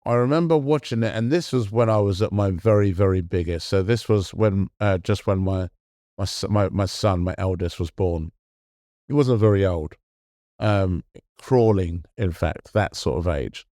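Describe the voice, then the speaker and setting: Middle-aged guy talking earnest, kinda low voice, lots of restarts, dry close sound. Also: warm tone, no echo. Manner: earnest, halting with many restarts. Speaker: podcast co-host. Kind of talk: casual chat.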